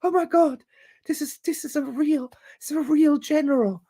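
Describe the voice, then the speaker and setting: A woman's voice: high voice, normal speed, mellow, pitched above the performer's own voice, lightly acted. A woman acting out a smitten middle-aged lady who gushes breathlessly about falling in love. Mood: giddy. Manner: breathless, gushing, squealing.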